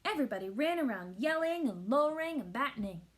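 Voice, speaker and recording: A woman reading a children's picture book aloud with expressive storytelling. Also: high-pitched, quick pace. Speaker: teacher.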